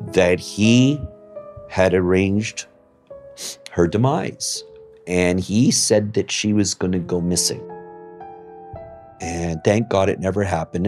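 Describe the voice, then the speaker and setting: A man giving an emotional, halting account as an interviewee, swearing at times. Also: fairly low pitch, darkish tone. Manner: halting and emotional, with fillers and profanity. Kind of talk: emotional personal testimony.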